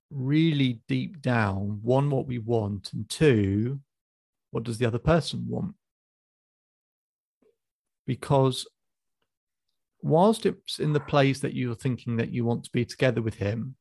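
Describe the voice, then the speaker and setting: A man coaching a client in a calm, probing session over a call, with frequent restarts. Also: mid-range voice, creaky, no echo. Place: video call.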